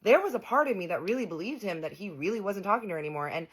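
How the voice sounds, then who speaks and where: A woman's voice: mid-range voice, animated, rapid-fire, breathy edge. A young woman telling a dramatic story to her viewers in a casual, sassy, profane way. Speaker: storytime vlogger.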